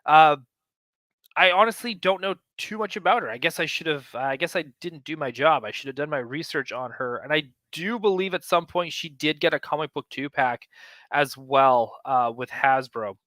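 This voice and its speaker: A man's voice: fairly high pitch, moderate pace, pushed and bright, no room sound. A man hosting a casual talk show, chatting enthusiastically and rambling with many fillers as he flips through a magazine. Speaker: host of a collecting show.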